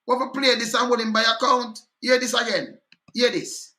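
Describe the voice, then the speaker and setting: A man's voice: extremely high pitch, fairly even intonation, moderate pace, bright, forceful tone. A man with a Jamaican accent giving heated, scornful political commentary, firing rhetorical questions and replaying clips.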